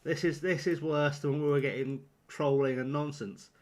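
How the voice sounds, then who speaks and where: Male game streamer, mid-pitched, rambling and flustered, muttering through team selection. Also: fairly even intonation, moderate pace. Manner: rambling, flustered, talks to himself while picking a team. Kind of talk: live-streamed gameplay commentary.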